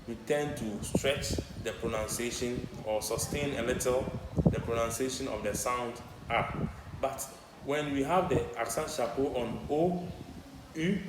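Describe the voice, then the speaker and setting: A man teaching a French lesson in English, explaining in a measured, halting way with frequent repetitions. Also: mid-range voice. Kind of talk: language lesson. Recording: echoey room with background noise.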